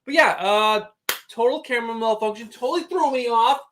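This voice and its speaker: A man's voice: extremely high pitch, fairly quick, a bit bright, slight background noise. A man co-hosting a casual livestream show, upbeat and jokey, laughing often, picked up on a webcam.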